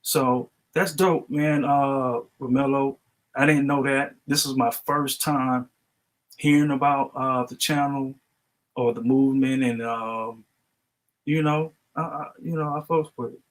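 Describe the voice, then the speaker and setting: A man talking casually on a livestream, loose and slangy, and circling back over his words as he goes. His voice sits at an ordinary middle pitch. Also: steady tone, low-quality recording. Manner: loose, slangy, halting with restarts. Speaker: guest.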